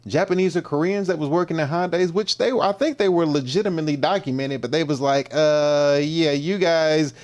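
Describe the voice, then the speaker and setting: A man's voice: fairly high pitch, fast, few pauses. A man hosting a fitness livestream, chatting casually in slang and greeting viewers by name.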